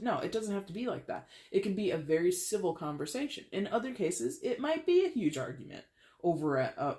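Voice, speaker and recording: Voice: medium pitch, darkish tone. A tarot reader giving a casual, chatty reading with playful, dramatic exaggeration. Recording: roomy echo.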